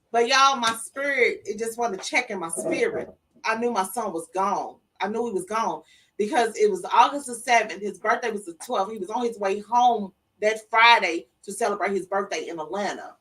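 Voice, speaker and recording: A woman's voice: a little high, far from the mic, low-quality recording. A middle-aged woman telling an emotional story in an interview, acting out the voices of the people in it. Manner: emotional, animated retelling with acted-out quotes. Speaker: interview guest. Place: studio.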